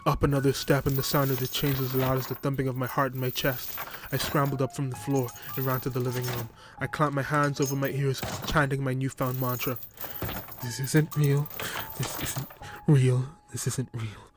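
Flat-voiced man narrating horror. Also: mid-range voice, brisk, hardly any pauses, background noise. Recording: music bed under voice.

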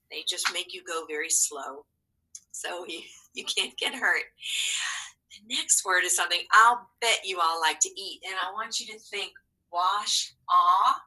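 A woman's voice: on the low side, bright, forceful tone, breathy edge, low-quality recording. A woman teaching a phonics and spelling lesson to young children, encouraging and patient with sing-song prompts.

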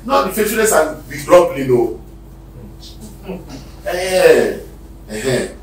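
A Nigerian-accented man preaching a sermon as pastor, swinging from loud shouted exhortations to quiet near-whispers. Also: on the high side, big pitch swings, slow pace. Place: church hall. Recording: echoey hall, distant mic, faint noise.

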